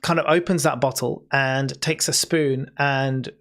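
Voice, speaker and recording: British GM narrating a tabletop campaign, halting and descriptive, with a mid-pitched voice. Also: steady tone, fairly bright tone. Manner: hesitant, many ums, descriptive. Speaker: game master.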